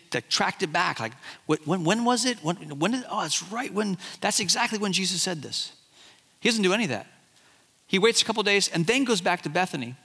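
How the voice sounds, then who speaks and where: A man preaching a sermon, animated and conversational, acting out Bible characters as he retells the story. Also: on the high side, long reverb tail. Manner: animated, acts out Bible characters in quoted voices. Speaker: pastor.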